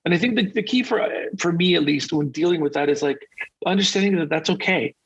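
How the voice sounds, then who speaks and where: A man's voice, somewhat high for a man, with a husky, gravelly texture. The recording is dull and muffled. He is a podcast guest, telling personal stories in an open, confessional way. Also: fast. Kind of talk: casual interview conversation.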